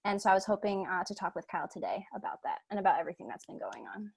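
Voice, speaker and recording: A woman co-hosting a video blog, introducing the question in a hesitant, soft-spoken way with many pauses. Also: mid-range voice, vocal fry, husky. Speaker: co-host.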